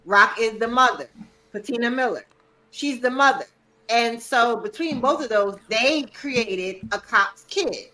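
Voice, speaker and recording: A woman's voice: fairly high pitch, pushed and bright, rough recording. A woman co-hosting a TV review show in casual chat, laid-back, explaining and chiming in.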